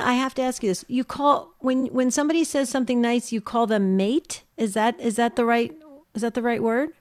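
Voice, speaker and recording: A woman's voice: on the high side, no echo, clean studio sound. A woman co-hosting a phone-in radio show who asks the caller questions with enthusiasm. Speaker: radio co-host.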